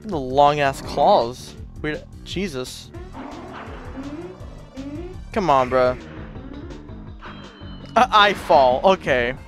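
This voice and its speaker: A man's voice: fairly high pitch, animated, drawn-out words, long pauses, fairly bright tone. A man giving casual commentary while playing a video game, frustrated, swearing often and muttering to himself. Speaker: let's play gamer. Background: game music.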